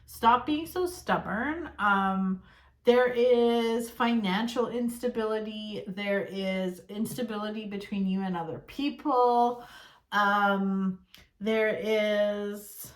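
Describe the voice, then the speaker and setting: A woman's voice: medium pitch, slow, echoey room. A woman giving a casual tarot reading to camera, blunt and exasperated, swearing freely. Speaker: tarot reader.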